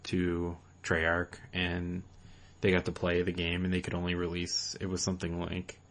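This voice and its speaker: A young man with a low, deep voice co-hosting a gaming chat show. He talks in a loose, rambling way, circling back on himself and dropping casual swears as he goes. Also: monotone, moderate pace, a bit bright, slight background noise. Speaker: podcast co-host.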